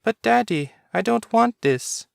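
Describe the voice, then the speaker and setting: A man's voice: very high-pitched, expressive, unhurried, vocal fry, clear, resonant tone, no echo, clean studio sound, voice pushed up, heavily acted. A man voicing a small, frightened boy who pleads through tears. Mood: pleading. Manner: pleading, tearful.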